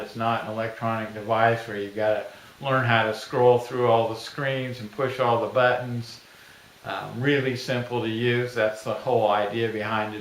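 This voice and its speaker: A middle-aged man pitching his own invention in a plain, folksy way, acting out little everyday scenes. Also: a bit bright. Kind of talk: product pitch video. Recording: echoey room.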